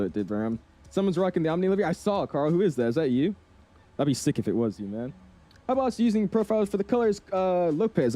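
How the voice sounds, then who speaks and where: A man's voice: mid-range voice, warm tone. A man live-streaming a flight sim in a casual, slangy way, calling his viewers man and dude as he chats with them. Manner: laid-back, slangy, keeps calling the chat "man" and "dude".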